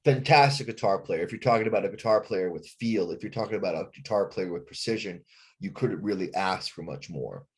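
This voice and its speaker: A rock frontman with a lowish voice recounts a band blowup in a podcast chat. He swears constantly and slips into the voices of the people he quotes. His delivery stays animated and unfiltered. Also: brisk, slightly rough. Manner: profane, animated storytelling, acts out quotes. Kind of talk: casual podcast storytelling.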